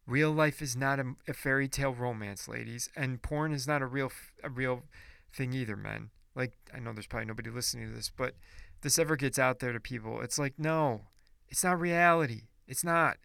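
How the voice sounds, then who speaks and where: A man's voice: mid-range voice, brisk, vocal fry, a bit bright, smooth, no room sound, studio quality. A man ranting in a casual monologue podcast, blunt and profane, preachy and rambling with restarts.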